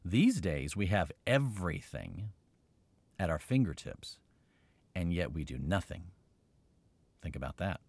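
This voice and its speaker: Casting: low-pitched male podcast host, earnest and rambling, dry close-mic sound. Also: animated, measured pace, long pauses, a little mellow, breathy edge, no room sound. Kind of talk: motivational podcast monologue.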